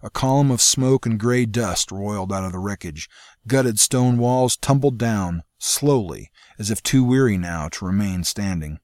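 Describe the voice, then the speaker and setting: A man reading a fantasy novel aloud in a measured, dramatic storytelling manner. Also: on the low side, a little mellow, dry recording, studio quality. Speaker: audiobook narrator. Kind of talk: scripted fantasy narration.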